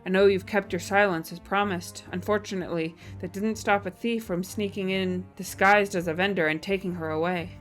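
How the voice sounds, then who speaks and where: A woman's voice: medium pitch, steady tone, brisk, few pauses, faint music behind, close to an everyday voice. A woman voicing a bitter, guarded woman in a video game, cold, clipped and weary as she grieves a lost dog. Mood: grieving.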